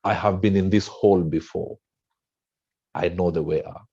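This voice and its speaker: A man playing a calm, reassuring rescuer who speaks low and steady to a frightened man beside him. The recording is muffled and lo-fi. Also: moderate pace, husky. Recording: dull lo-fi sound.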